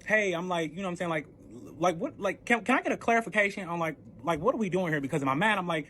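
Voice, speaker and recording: A man with a high, light voice rattles through a casual storytime at a brisk clip. He swears freely, leans hard on filler words and plays out both sides of every exchange himself. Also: a bit bright, a little hiss or hum. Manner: profane, with heavy filler words; acts out both sides of the dialogue.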